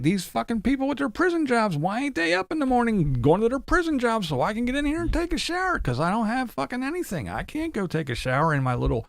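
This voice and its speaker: A man doing a high, nasal-sounding mockery of a griping older van dweller who whines through every sentence. The voice jumps up well above his normal pitch and swings all over the place, cursing as it complains. It sounds dry and close, with a gravelly edge. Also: no echo, heavily acted. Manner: mocking, complaining, profane. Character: whiny, self-pitying older male van dweller.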